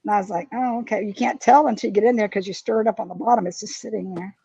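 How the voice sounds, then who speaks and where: A woman's voice: mid-range voice, fairly even intonation, racing, vocal fry, dark tone, slightly rough, no room sound, muffled recording. A woman hosting a casual craft livestream, greeting viewers by name. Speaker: livestream host.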